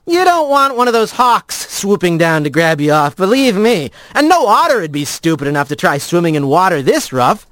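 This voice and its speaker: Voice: medium pitch, sing-song, fairly bright tone, no room sound, pitched above the performer's own voice. A storyteller voicing a blunt, practical male rat who is impatient and cocky in a radio story reading. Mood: brisk. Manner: blunt, quick and offhand. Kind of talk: audio drama reading.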